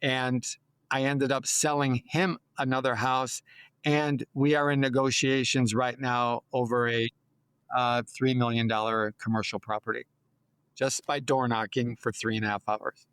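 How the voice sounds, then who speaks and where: A man's voice: mid-range voice, unhurried, clear, resonant tone, dry recording. A man in his sixties, a real estate agent telling a story as an interview guest, acting out dialogue with a lifted voice. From United States. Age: 60s. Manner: lively, acts out dialogue in a raised voice.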